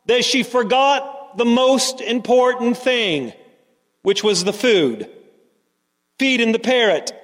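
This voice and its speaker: A man's voice: very high-pitched, expressive, slow, fairly bright tone, big-room sound. A man preaching a sermon, telling a story and then asking the congregation earnest rhetorical questions. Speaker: pastor.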